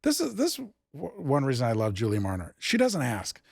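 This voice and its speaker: Animated storytelling man, very dry sound. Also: brisk, creaky, dry recording. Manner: animated, acts out quoted dialogue with big pitch jumps. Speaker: improv theatre founder, podcast guest. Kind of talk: casual interview storytelling.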